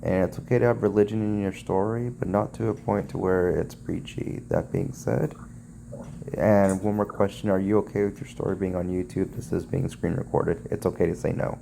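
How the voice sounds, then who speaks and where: A low, gravelly man hosts a live call-in podcast, brisk and laid-back with callers. Faint hiss sits under his voice. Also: fairly even intonation, dark tone. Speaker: podcast host.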